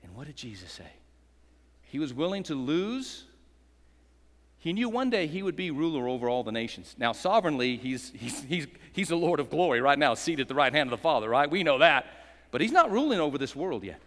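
With echoey hall reverb around him, a male pastor delivers a dramatic, rousing church sermon, leading call-and-response and slipping in jokes. His voice sits on the high side, a bit bright, with big pitch swings and a slightly fast pace.

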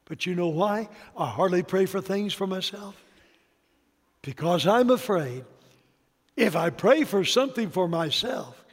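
Male pastor, sermon delivery, high voice, punchy and conversational, long hall reverb. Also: breathy edge. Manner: emphatic, swings between loud and soft. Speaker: preacher.

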